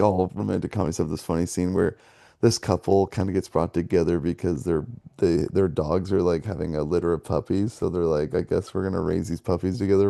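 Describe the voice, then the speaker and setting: A man's voice: deep voice, gravelly, dark tone, no echo, clean studio sound. A man co-hosting a movie podcast, chatting casually and rambling, laughing often between his thoughts. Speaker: podcast co-host. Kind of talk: casual movie review chat.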